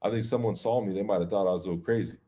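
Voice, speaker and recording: A man with a low, mellow voice leads an informal religious class. He talks in a loose, conversational way and keeps checking in with his listeners, asking "okay?" and "right?" as he explains. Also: very fast. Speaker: Islamic teacher.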